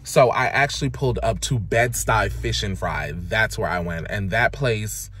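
A man from Jamaica chatting on a handheld camera in a food vlog, dramatic and sassy, jumping from loud exclamations to low muttered asides. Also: normal speed, husky. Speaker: food vlogger. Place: in a car, out and about, then at home. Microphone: handheld camera or phone.

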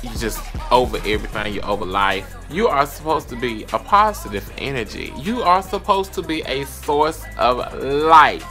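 A man's voice: medium pitch, bright, forceful tone. A young man with a Southern US accent, giving a brash, profane, sassy advice rant as a vlogger. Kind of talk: casual advice rant to camera.

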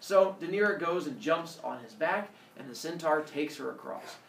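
A male teacher telling a myth to his class in a playful, animated way, asking the students questions. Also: fairly high pitch, normal speed, vocal fry, slight background noise. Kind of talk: storytelling to a class. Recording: echoey classroom from far off.

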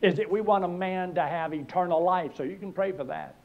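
A male pastor preaches from the pulpit with a fairly high voice, rising loud for each scripture and dropping low for asides. He pokes at the flock with rhetorical questions. The sound is dull and lo-fi, like an old church recording. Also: brisk. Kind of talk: sermon.

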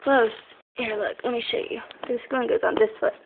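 A woman's voice: a little high, fairly even intonation, a little fast, vocal fry, phone-quality sound. A woman filming at home and talking to her small children in a coaxing, sing-song baby-talk voice. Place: family home. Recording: noisy home video.

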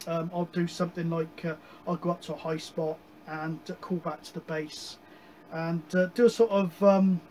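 Man, fairly high-pitched, casual hobby chat, rambling, full of ums. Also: fairly even intonation, normal speed, dark tone, a little hiss or hum, rough recording. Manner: rambling, with many ums and digressions. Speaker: radio hobby vlogger.

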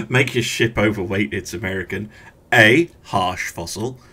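Speaking a little slowly in a lowish, slightly rough voice, a gaming host offers easygoing commentary as he thinks through his options aloud, using hesitant fillers.

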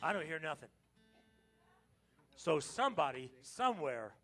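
An American man preaching a lively Palm Sunday sermon in church, joking with the congregation and breaking into sudden loud exclamations. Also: medium pitch, normal speed, pauses often, soft background music. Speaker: pastor. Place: church sanctuary.

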